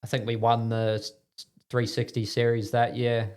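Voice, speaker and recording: A man's voice: medium pitch, level tone, normal speed, a little mellow, clear, resonant tone. A man from New Zealand, a speedway driver guesting on a podcast, talking in a rambling, self-deprecating way with lots of fillers. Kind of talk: casual podcast interview. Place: podcast studio.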